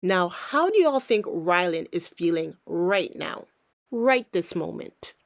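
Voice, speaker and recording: A woman narrating her reaction to video clips in a sarcastic, teasing manner. She speaks slowly and drags out her jabs. Her voice is close and dry, with no room sound at all. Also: on the low side, sing-song, creaky, no room sound. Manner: snarky, teasing. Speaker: commentator.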